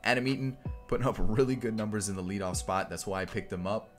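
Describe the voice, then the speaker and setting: Chatty young man with a lowish voice. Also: fast talker, soft background music. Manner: relaxed and chatty, with fillers like "like" and "um". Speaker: gaming YouTuber. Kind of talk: casual video game commentary.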